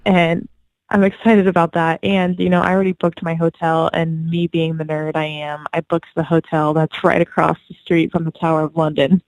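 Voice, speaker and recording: A woman's voice: deep voice, flat delivery, normal speed, a little mellow, no room sound, low-quality recording. A woman being interviewed as a guest, chatty and giggly, peppering her talk with "like" and "you know". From United States. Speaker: guest, professional wrestler. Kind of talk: casual phone-in interview.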